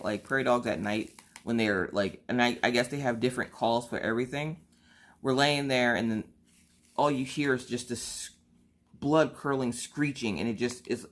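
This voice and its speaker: A woman in her thirties chatting casually on her vlog, telling a family story in an animated, exasperated way. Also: extremely low pitch. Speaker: vlogger.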